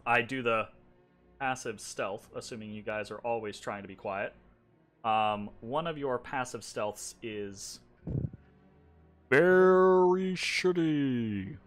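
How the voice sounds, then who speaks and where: A man's voice: lowish voice, fairly even intonation, unhurried, fairly bright tone, faint music behind. A man running a tabletop game as game master, narrating casually with many fillers.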